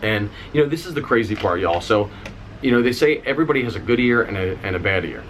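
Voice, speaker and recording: Lower-voiced man telling a candid story. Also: quick pace, slight background noise. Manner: animated, candid, swears, says "y'all". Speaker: vlogger, singer and dancer. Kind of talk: casual storytelling vlog.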